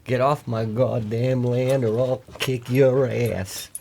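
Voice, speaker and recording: A man voicing a gruff, angry backwoods man who curses and threatens a camper off his land. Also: medium pitch, fairly even intonation, takes it slowly, dark tone, a little hiss or hum. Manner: cursing, threatening.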